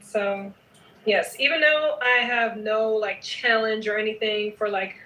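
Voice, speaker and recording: A woman's voice: medium pitch, steady tone, a little slow, sharp tone, echoey room, recorded from a distance, poor audio. A woman chatting casually in a knitting vlog, playful and emphatic, often adding a teasing "okay?". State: sleepy at night. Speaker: knitting vlogger.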